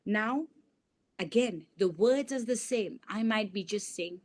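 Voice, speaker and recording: A woman's voice: medium pitch, a little slow, darkish tone. A woman lecturing on communication at a university, explaining a model step by step and illustrating it with examples. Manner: explanatory, gives examples with repeated sample sentences.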